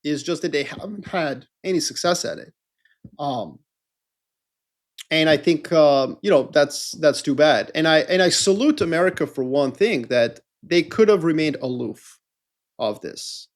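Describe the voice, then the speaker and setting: A man's voice: on the high side, animated, unhurried. A middle-aged man co-hosting a podcast in a casual, rambling, jokey chat. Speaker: podcast co-host.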